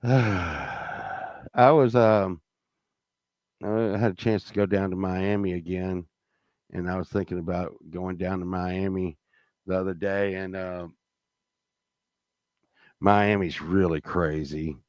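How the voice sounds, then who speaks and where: A man's voice: low voice, steady tone, slow pace, long pauses, no room sound, clean studio sound. A middle-aged man telling a rambling, profane anecdote with plenty of fillers and restarts, growing heated as the story goes on. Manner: grows heated and loud while telling the story. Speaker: storyteller guest.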